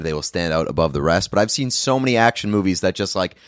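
Casting note: male host with a lowish voice, loose rambling talk, dry room. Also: quick pace, clear, resonant tone, no room sound. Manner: rambling, filler-heavy, relaxed swearing. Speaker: podcast host. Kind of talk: casual chat.

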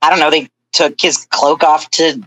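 A woman's voice: deep voice, little pitch movement, normal speed, a bit bright, slight background noise, low-quality recording. A woman player in a tabletop game, talking casually and rambling with self-corrections. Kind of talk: casual chat.

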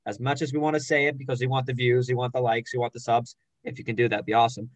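A young man hosts a casual sports podcast and reels off names and scores with plenty of teasing asides. His voice sits at an ordinary pitch. The recording is dry and close, with no room around it. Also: level tone, rapid-fire, no room sound, low-quality recording. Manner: jokey, rattles off names and standings. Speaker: podcast host.

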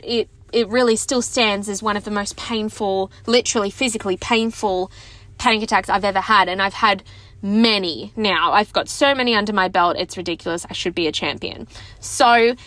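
A woman's voice: medium pitch, a bit bright, no echo. A woman in her twenties telling a personal story to her viewers, chatty and candid, with lots of "like" and self-mocking laughs. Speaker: vlogger.

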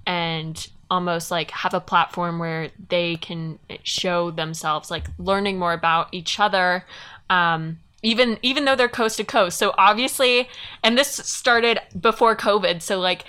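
A woman's voice: fairly low pitch, unhurried, sharp tone, smooth. A woman co-hosting a podcast in casual chat, bubbly and giggly, rambling a little. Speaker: podcast co-host.

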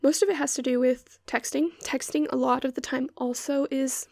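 A woman's voice: high voice, steady tone, moderate pace, creaky, a little mellow, no room sound, clean studio sound. A young woman hosting a podcast, ranting in an exasperated, sarcastic and sweary way. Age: young adult. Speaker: podcast host. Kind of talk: ranting monologue.

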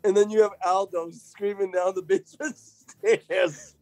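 A man with a fairly high but warm, mellow voice joins in a casual podcast chat. He swears freely and gushes about the scenes he loves, over faint music. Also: fairly even intonation, unhurried, gravelly. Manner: profane and enthusiastic. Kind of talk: casual movie discussion.

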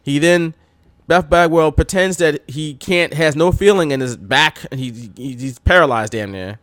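A man's voice: on the high side, moderate pace, no echo, studio quality. A man co-hosting a casual wrestling podcast, telling stories with energy and acting out quotes. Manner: animated storytelling, acts out quotes in a raised voice. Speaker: podcast co-host.

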